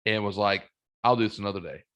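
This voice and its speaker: A man's voice: lowish voice, fast talker. Self-deprecating male podcast host. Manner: self-deprecating, swears freely, animated venting. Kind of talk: casual chat.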